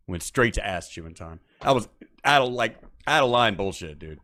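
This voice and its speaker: A man's voice: lowish voice, expressive, normal speed, background noise. A man hosting a late-night show, ranting casually in a profane, mocking way. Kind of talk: casual on-air rant.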